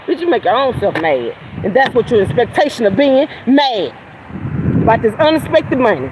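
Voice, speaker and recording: A woman's voice: sing-song, moderate pace. Profane woman ranting by traffic. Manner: profane, confrontational, swinging from loud outbursts to low mutters. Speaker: livestream host. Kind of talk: heated livestream rant. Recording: outdoor traffic noise behind voice.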